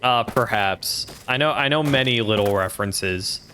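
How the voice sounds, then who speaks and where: Bright-voiced joking male streamer. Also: lowish voice, normal speed, a little hiss or hum. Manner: joking, rambling, swears freely. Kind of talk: casual live game commentary.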